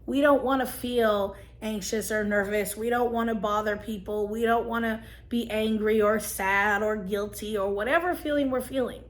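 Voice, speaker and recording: A woman, telling a personal story and giving gentle, earnest advice to camera as a vlogger. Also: mid-range voice, steady tone, moderate pace, hardly any pauses. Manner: earnest, gentle, emotional at times.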